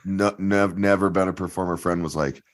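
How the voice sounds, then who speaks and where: A man's voice: sits low, steady tone, fairly quick. A man telling a story in casual podcast chat, acting out quoted lines and laughing often. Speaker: podcast co-host.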